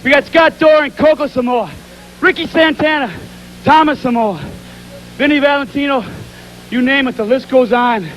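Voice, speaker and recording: A man's voice: extremely high pitch, moderate pace, fairly bright tone, a little hiss or hum, poor audio. A man, a pro wrestler, cutting a boastful, threatening promo interview.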